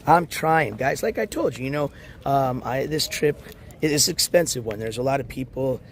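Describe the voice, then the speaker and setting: A man with a raspy, worn-out voice talks into his phone on a morning walk outdoors, rambling casually and greeting viewers in chat. His voice sits at an ordinary middle pitch, and a faint outdoor hiss runs behind him. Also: animated, normal speed. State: hoarse, losing his voice. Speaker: IRL livestreamer. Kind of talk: casual live-stream chat.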